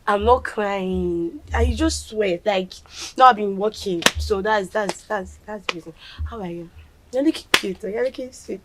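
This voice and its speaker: A woman's voice: medium pitch, moderate pace, very noisy, natural voice. An actress with a Nigerian accent playing a mother anxiously checking on her daughter, repeating herself insistently.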